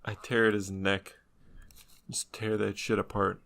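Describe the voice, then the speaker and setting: A man's voice: lowish voice, flat delivery, a little slow, gravelly, fairly bright tone. A man co-hosting a comedy podcast, brash and profane as he plays a brawling fighter in an improvised scene. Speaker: podcast co-host. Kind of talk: comic improvised role-play.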